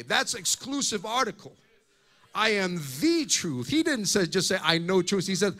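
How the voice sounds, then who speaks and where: A man's voice: high voice, big pitch swings, moderate pace, sharp tone. A male pastor preaching a sermon in an impassioned way, often repeating words as he goes.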